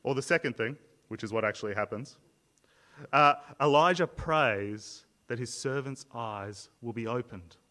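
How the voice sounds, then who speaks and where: A man's voice: mid-range voice, a little slow, sharp tone, in a large hall. A man preaching a sermon as pastor, explaining earnestly and often repeating words as he restarts a thought.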